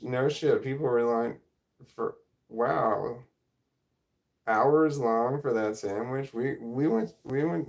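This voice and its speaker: A middle-aged man chats loosely on a livestream from his room, reading out comments and drifting onto side thoughts. His voice sits in an ordinary middle pitch with a gravelly, creaky edge. He talks in a rambling, self-deprecating way. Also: a little mellow. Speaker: livestream host reading chat. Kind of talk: casual livestream chat. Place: home room, indoors. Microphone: camera or phone mic at desk.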